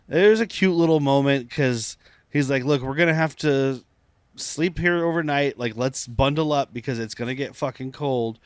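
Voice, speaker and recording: A man's voice: mid-range voice, normal speed, clean tone, no room sound. A man co-hosting a podcast, recapping an episode in loose chat, laughing often and swearing casually. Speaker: podcast co-host.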